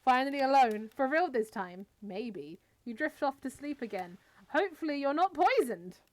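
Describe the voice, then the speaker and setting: Young woman streamer reading a game out loud, high lively voice. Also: moderate pace. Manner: animated, giggly reading.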